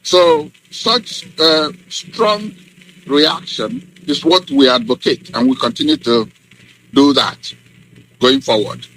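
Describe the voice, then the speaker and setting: A middle-aged man, a professor, answering in a radio interview in an emphatic, deliberate way with many ums. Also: fairly high pitch, a bit bright, a little hiss or hum, low-quality recording. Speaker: guest professor and activist.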